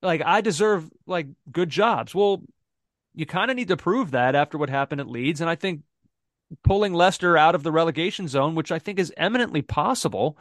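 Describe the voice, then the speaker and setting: A man's voice: on the high side, lively intonation, a little fast, fairly bright tone, no echo, clean studio sound. A man co-hosting a casual football podcast, thinking aloud with lots of fillers and restarts. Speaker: podcast co-host.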